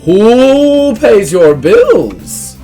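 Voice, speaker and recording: A flamboyant tabletop-game showman, shrieking way up high and loud, swooping wildly and full of himself, bossy and excitable, a squealing blowhard who never stops performing for his guests. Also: drawn-out words, soft background music, exaggerated voice. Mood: shrill, pompous. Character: flamboyant shrill male dinosaur-hunt showman.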